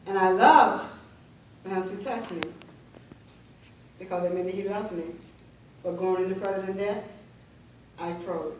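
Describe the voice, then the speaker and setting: Middle-aged woman sharing her testimony, kinda halting, repeats herself, far off the mic in a super echoey hall. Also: mid-range voice, a little mellow, slight background noise. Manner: heartfelt, halting, with repeated phrases. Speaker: conference speaker, prophetess. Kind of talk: personal testimony. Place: large hall at a women's conference.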